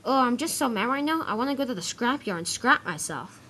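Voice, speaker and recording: Woman doing an excitable young toy engine, pitched up, bouncy delivery, homemade storybook. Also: fairly quick, slight background noise. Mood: upset. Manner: excitable, higher than the narration. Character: eager young toy steam engine, easily upset.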